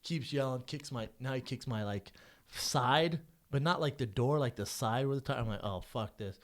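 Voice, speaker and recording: A man's voice: medium pitch, normal speed. A man in his thirties co-hosting a podcast, telling stories in casual chat, swearing and acting out what people said. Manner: animated storyteller, acts out quotes, swears a lot. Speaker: podcast co-host.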